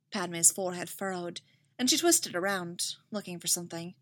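A woman reads a story aloud at an easy, slow pace, letting her pitch rise and fall expressively. The sound is close and dry, with no room around it. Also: expressive, fairly bright tone, no room sound. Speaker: narrator. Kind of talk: reading fan fiction aloud.

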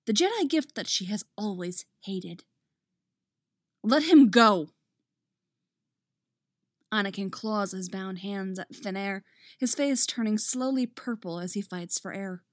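A woman's voice: mid-range voice, lively intonation, moderate pace, no echo. Woman narrating a story, dry and close. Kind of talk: reading fan fiction aloud.

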